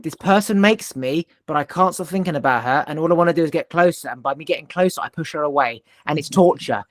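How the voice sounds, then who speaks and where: A man's voice: on the high side, quick pace, dry recording, studio quality. A man hosting a podcast, telling a personal story in an intense, emphatic way and swearing now and then. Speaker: podcast host. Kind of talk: casual conversation.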